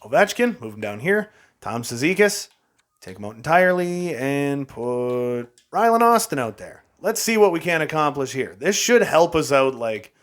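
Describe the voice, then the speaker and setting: Young man, casual gameplay commentary, exasperated and self-mocking, slightly high voice. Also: fairly bright tone. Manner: frustrated, exasperated, self-mocking with frequent laughs. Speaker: gaming YouTuber.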